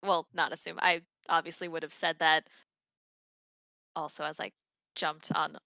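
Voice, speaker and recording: A woman's voice: low voice, little pitch movement, unhurried, gravelly, bright, forceful tone, dry recording, low-quality recording. A woman playing in a casual tabletop game, thinking aloud through her turn and chatting with her friends. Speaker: player.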